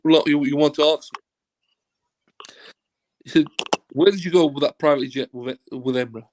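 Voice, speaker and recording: A man, a football agent, telling a casual anecdote as an interview guest, acting out dialogue and swearing freely. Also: on the high side. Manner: animated storyteller who acts out quoted dialogue and swears freely.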